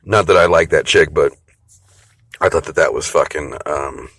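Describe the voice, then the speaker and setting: A man's voice: a bass voice, normal speed, fairly bright tone, no room sound. A man casually telling a personal story, rambling and profane, full of fillers and restarts.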